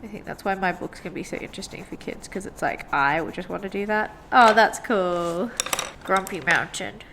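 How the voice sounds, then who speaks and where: A woman's voice: medium pitch, fairly quick, noisy background. A young woman illustrator chatting casually to viewers while she sketches, rambling and full of "like" fillers. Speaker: illustrator and vlogger. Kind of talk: casual sketch-and-chat monologue. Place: home desk by a sunny window.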